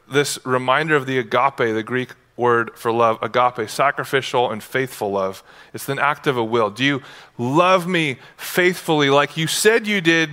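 Bright-voiced, conversational man preaching. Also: a little high. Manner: casual, conversational preaching with playful asides. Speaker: pastor. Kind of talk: sermon. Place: church.

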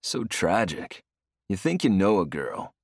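Narrator as wisecracking young teammate, deep and dry. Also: male voice, sing-song, measured pace, darkish tone, slightly rough, no echo, heavily acted. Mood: mock-solemn. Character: joking young male teammate.

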